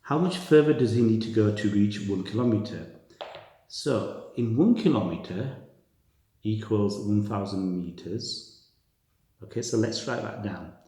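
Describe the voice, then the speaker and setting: A man's voice: fairly low pitch, expressive, measured pace, dark tone. A man tutoring a maths lesson, reasoning aloud step by step and repeating key words. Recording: very echoey room.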